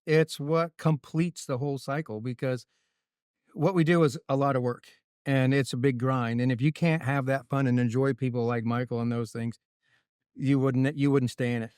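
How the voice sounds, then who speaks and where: Smooth-voiced man telling racing stories. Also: mid-range voice, no echo, clean studio sound. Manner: animated storyteller with frequent restarts and "right?". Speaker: racing crew chief, guest. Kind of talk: casual interview storytelling.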